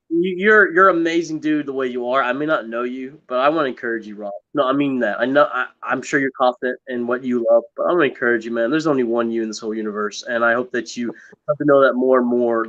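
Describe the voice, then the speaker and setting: A man's voice: medium pitch, fast talker, fairly bright tone, highs cut off. A man joining a casual live stream as a guest, playful and teasing, turning earnest when he encourages someone.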